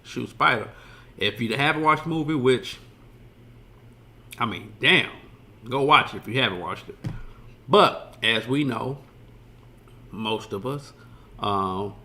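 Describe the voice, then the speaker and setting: A man's voice: medium pitch, slow pace, pauses often, pushed and bright. A man streaming a casual reaction commentary, rambling loosely and swearing freely as he retells scenes.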